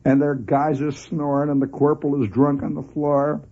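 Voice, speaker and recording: A man telling a long story on the radio in an animated, conversational way, often laughing as he goes. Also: a little high, normal speed. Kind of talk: spoken storytelling monologue. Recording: dull lo-fi old radio recording.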